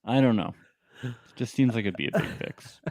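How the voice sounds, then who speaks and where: A man co-hosting a podcast, chatting casually and joking as he recaps an episode. His voice sits at an ordinary middle pitch. The sound is dry and close, with no room around it. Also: animated, brisk, a little mellow, dry recording. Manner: joking, laughs often, puts on voices for people he quotes. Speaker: podcast co-host.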